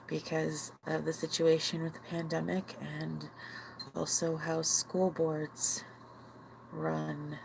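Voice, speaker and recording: A woman's voice: deep voice, creaky, noisy background. A woman hosting a livestream, venting bluntly and with profanity to her viewers, with sighs and short laughs. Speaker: livestream host.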